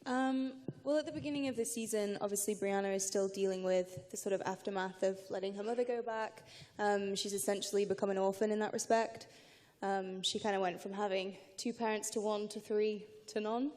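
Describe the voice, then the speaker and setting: A woman's voice: medium pitch, steady tone, fairly quick, a little mellow. Chatty woman on a panel. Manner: chatty, many ums and sort ofs. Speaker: actress on a panel. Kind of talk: panel discussion.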